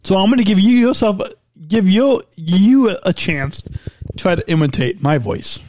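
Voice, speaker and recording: A man's voice: sits high, moderate pace, no echo. Playful, talkative male podcast co-host. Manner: playful, teasing, stumbling restarts; energetic, talkative. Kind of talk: casual chat and ad reads.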